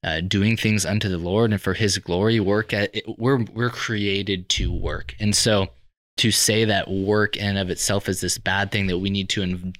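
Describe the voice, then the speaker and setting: A man with a very deep voice co-hosting a faith-based podcast. He talks in a thoughtful, measured way and reasons through his ideas aloud. The sound is close-miked and dry. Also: fairly even intonation, fairly bright tone, no echo. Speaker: podcast co-host.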